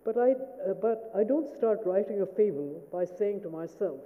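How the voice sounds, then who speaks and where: A woman giving a formal memorial lecture as a writer, speaking in a measured, reflective way and checking in with her listeners. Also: medium pitch. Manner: measured, reflective, asks "Do you see?". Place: lecture hall. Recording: phone-like sound in a reverberant hall.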